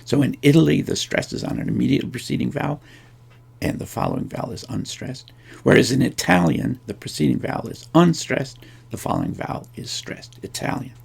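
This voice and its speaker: Gravelly, husky-voiced man lecturing. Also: mid-range voice, animated, brisk. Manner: thinking aloud, frequent restarts and fillers. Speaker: linguistics lecturer. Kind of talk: recorded lecture.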